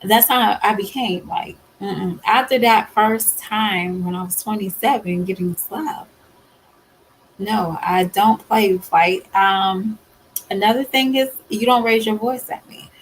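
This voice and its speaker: A woman's voice: medium pitch, fairly even intonation, slow pace, slight background noise, low-quality recording. A woman vlogger talking candidly to camera, emphatic and blunt, with many fillers and repeated firm refusals.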